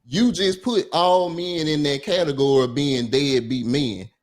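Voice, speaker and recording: A man on a discussion panel, measured, stepping in to make his point. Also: on the high side.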